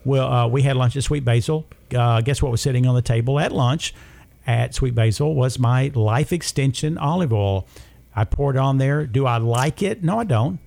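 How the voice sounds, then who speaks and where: A man's voice: medium pitch, normal speed, vocal fry, darkish tone. A man hosting a health talk show, chatting casually and laying out firm opinions point by point. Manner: opinionated, talks in numbered points. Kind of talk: casual chat.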